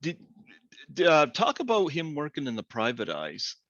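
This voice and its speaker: A man in his forties hosting an interview, talking slowly with many fillers and pauses. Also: fairly high pitch, huge pitch swings, fairly bright tone, dry recording. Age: 40s. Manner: slow, halting, many fillers. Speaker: podcast host. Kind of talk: casual interview. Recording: dull lo-fi sound.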